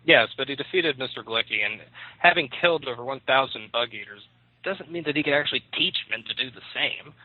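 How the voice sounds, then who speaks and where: A man's voice: mid-range voice, expressive, brisk, husky, no room sound, voice pushed up. A sullen young man, full of contempt for his father's authority, as a male storyteller puts him on. He pushes back in a defiant tone. The sound is thin and phone-like, and dry. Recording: tinny dry phone line.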